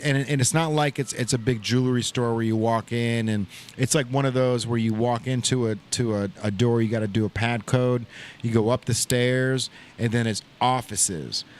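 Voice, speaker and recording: A man hosting a podcast, telling a long casual story in a rambling way, full of "like" and "bro", recorded in an open shop. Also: mid-range voice. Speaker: podcast host. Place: open shop at a riverside shopping center.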